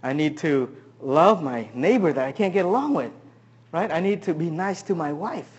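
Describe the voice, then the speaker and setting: High-voiced man preaching a sermon. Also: expressive, normal speed, slightly rough, lo-fi sound. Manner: asks the audience many questions. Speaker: pastor.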